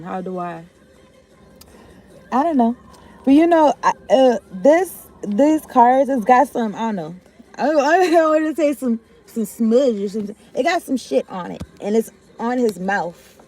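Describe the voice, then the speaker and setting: A woman's voice: on the high side, lively intonation, moderate pace, dark tone. A woman giving a loose, rambling tarot reading, swearing and often trailing off. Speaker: tarot reader.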